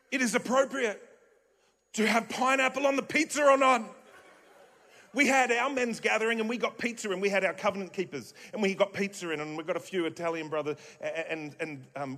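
An Australian man delivers a sermon with a notably high voice, hammering home repeated phrases between lighthearted asides. His words ring out with a long reverb that fills the church auditorium. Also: a bit bright. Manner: emphatic, repeats key phrases, jokey asides. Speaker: pastor.

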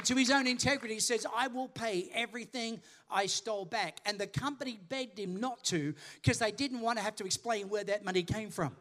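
A middle-aged Australian man preaching with a very high, ringing voice. He tells stories with acted-out dialogue, calls out for responses from the congregation, and climbs to forceful shouts. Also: brisk, hardly any pauses. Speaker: pastor. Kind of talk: sermon with storytelling.

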